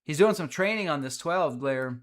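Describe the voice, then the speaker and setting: A man's voice: a little high, lively intonation, moderate pace. A man hosting a mobile strategy game livestream, chatting casually about team builds and reading out viewer messages with easy fillers. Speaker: livestream host. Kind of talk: casual gameplay commentary.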